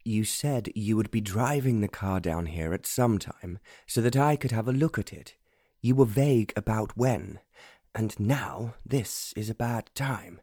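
A man voicing a petulant young gentleman who talks in a sulky, awkward, dismissive way in an audiobook. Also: lowish voice, animated, unhurried, no echo, clean studio sound. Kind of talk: audiobook narration.

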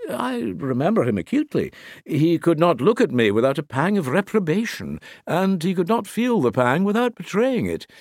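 A man voicing a curious, bookish male editor who grows excited and exclaims as he recalls old tales. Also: fairly high pitch, normal speed, dry recording, studio quality, pitched above the performer's own voice. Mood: wry.

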